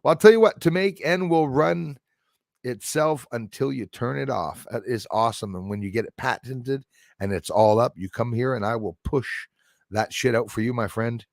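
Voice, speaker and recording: A man's voice: medium pitch, moderate pace, gravelly, no room sound, studio quality. A man hosting a livestream, chatting casually and jokily while answering viewer comments, with frequent chuckles. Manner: rambling, jokey, chuckles often.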